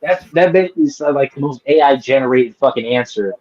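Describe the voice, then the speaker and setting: A man's voice: medium pitch, fast, a little mellow. A man hosting a casual live-stream chat, ranting with lots of swearing and mocking people by putting on silly voices. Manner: profane, ranting, mocks people in put-on voices. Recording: dull lo-fi sound.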